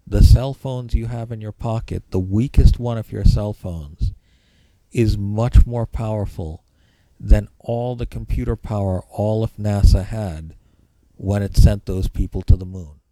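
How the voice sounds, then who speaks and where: A man's voice: on the low side, unhurried, warm tone, dry recording, poor audio. A man giving an informal spoken history lecture, rambling and repeating key points for emphasis.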